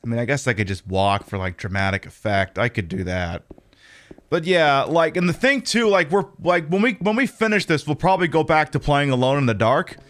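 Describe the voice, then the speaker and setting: A man's voice: a little high, brisk, fairly bright tone. A man streaming a horror game, chatting casually in a rambling, opinionated way with lots of fillers. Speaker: livestreamer. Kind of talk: casual gameplay commentary.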